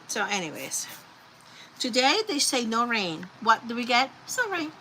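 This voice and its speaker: A chatty woman with a slightly high voice talks casually to her viewers, rambling between crafting steps. Her words come from a craft space at home, and a steady hiss of background noise runs under the whole recording. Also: measured pace. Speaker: craft livestream host. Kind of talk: casual live crafting chat.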